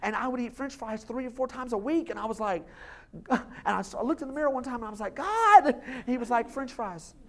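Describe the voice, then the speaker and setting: Man, pastor, lively sermon, playful voices, laughs along. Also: very high voice, fast, slight background noise. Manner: animated, jokey preaching with playful voices and laughs.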